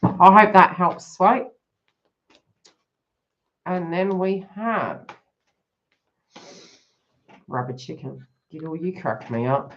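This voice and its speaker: A woman's voice: lowish voice, takes it slowly, long pauses. A woman reading cards on a live stream, chatting to viewers by name and laughing often. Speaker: tarot reader hosting a live stream. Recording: dull lo-fi live stream audio.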